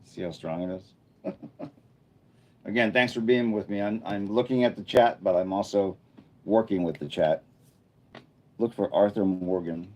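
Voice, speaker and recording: A man with a low voice and a dark, mellow tone hosts a casual live stream. He chats loosely and thinks out loud as he reads and answers his viewers' comments. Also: a little slow, long pauses. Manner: chatty, thinking aloud while reading viewer chat. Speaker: livestreamer. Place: indoor room under a bright studio light.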